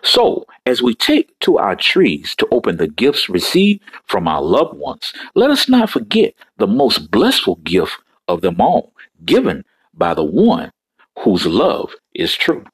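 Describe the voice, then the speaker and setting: A man's voice: medium pitch, huge pitch swings, unhurried, slightly rough, no echo. A male preacher delivering a fervent sermon, repeating phrases and breaking into exclamations.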